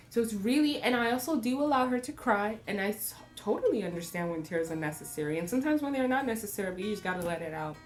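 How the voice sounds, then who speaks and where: Animated woman chatting over soft music. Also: mid-range voice, quick pace, few pauses. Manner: animated, laughing often, acting out voices. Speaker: parenting vlogger. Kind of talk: casual reflective talk. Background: faint acoustic music.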